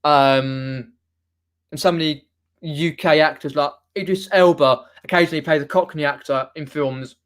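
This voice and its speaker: A man's voice: a little high, steady tone, normal speed. A young man from near London with a Mockney accent, chatting casually on a live stream, reading viewer comments and rambling with many restarts. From southern England, near London. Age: young adult.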